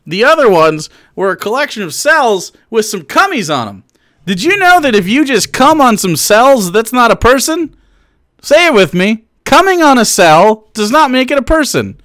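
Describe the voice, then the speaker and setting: A man's voice: extremely high pitch, big pitch swings, normal speed, fairly bright tone. A man streaming live and commenting casually, chatty and mocking, often laughing and restarting his sentences.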